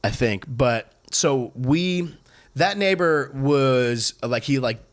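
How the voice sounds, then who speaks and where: A man's voice: medium pitch, animated, takes it slowly. Rambling man telling a story. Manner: rambling with many fillers and restarts, acts out quotes. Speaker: podcast co-host. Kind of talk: casual chat, storytelling.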